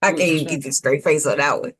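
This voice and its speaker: A woman co-hosting a panel talk show, her voice sitting a touch low. She argues by sarcasm and rhetorical questions, posing as just asking. Now and then she lets out a playful whoop. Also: fairly even intonation, fast, fairly bright tone. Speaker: co-host of a civic talk show. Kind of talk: opinionated panel commentary.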